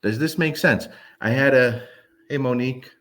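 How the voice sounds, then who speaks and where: Speaking to camera at normal speed, this man has a medium-pitched, somewhat bright voice. He's a dog trainer, casual but blunt and forceful, constantly checking in to make sure the listener gets it.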